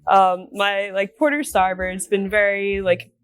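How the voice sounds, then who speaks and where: A woman's voice: medium pitch, level tone, measured pace, clean tone. A woman being interviewed as a guest performer, giggly and enthusiastic in casual chat.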